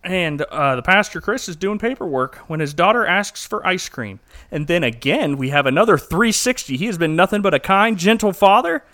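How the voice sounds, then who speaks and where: A man, a minister, co-hosting a casual chat and recapping a movie with lively mimicry and frequent laughter. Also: high-pitched, normal speed. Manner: animated, mimics characters, laughs often. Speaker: podcast co-host.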